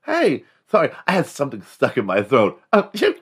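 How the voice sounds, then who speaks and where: A man's voice: wildly swooping pitch, slightly rough, heavily acted. A man putting on the voice of a campy, theatrical man who gushes dramatically. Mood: gushing. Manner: shrill, drawn-out, gushing.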